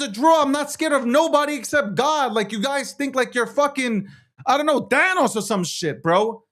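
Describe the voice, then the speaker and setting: A man's voice: very high voice, a bit bright. A man hosting a talk show, ranting in a profane, combative way as he reads social media posts aloud and argues back at them. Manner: profane, combative, heated rant. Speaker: show host.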